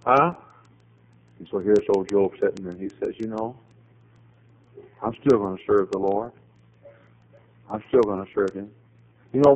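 A man preaching a sermon, telling a story with acted dialogue and swings to loud, high emphatic climaxes. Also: low-quality recording.

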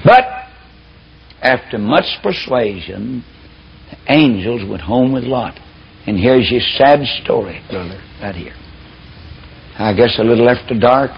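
Gravelly preacher, fiery and folksy. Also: male voice, mid-range voice, animated, unhurried, long pauses. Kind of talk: sermon. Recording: dull lo-fi recording.

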